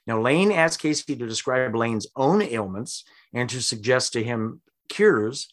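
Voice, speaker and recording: A man telling a story on a casual podcast, mid-pitched and conversational. He gets animated and throws in exaggerated voices when he quotes people. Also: measured pace. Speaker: podcast host.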